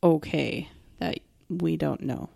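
A middle-aged mother calmly interviewing her daughter with deliberate questions. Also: sits low, creaky, husky, no echo, clean studio sound. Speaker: parent interviewer.

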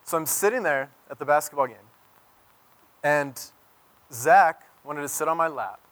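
A man preaching a sermon as pastor, telling stories and swinging from loud emphasis to near-whisper. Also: a little high, moderate pace.

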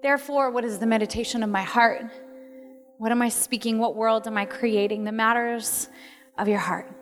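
A woman's voice: on the high side, steady tone, normal speed. A woman, middle-aged, preaching a heartfelt sermon with laughter and moments of tears. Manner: heartfelt, tearful at times, laughs often. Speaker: pastor. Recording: long hall reverb with soft music.

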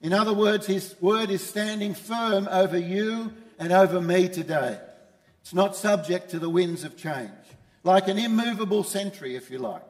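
High-pitched guy preaching in a church, repeats his main line a lot, echoey hall. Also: normal speed. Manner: emphatic, repeats key phrases. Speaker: pastor. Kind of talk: sermon.

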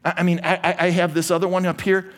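A middle-aged pastor preaches from a church stage in a somewhat high-pitched voice. He talks energetically and casually, often restarting his words as he pushes his points. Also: level tone, fast. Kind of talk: sermon.

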